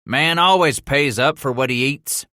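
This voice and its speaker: A man's voice: medium pitch, a little slow, sharp tone, no room sound, clean studio sound, pitched above the performer's own voice. A man voicing a sour-faced, stingy, stocky boatman who grumbles.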